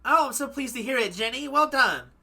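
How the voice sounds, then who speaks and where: A streamer voicing a sweet, excitable young girl who talks in a gushing, eager way while reading game dialogue. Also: high-pitched, a little fast, creaky, pitched above the performer's own voice, heavily acted.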